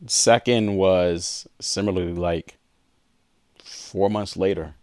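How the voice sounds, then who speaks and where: A man's voice: low voice, fairly even intonation, takes it slowly, darkish tone, clean tone, no room sound, studio quality. A man co-hosting a podcast, candidly telling a personal story in an earnest way and acting out past conversations. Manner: earnest, reenacts past dialogue. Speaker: podcast co-host.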